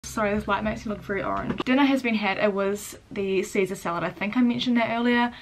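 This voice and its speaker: A teenage girl vlogging casually, chatty and quick, turning earnest and close to tears as she speaks her mind. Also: mid-range voice, background noise. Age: teens. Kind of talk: casual day-in-the-life vlog and rant.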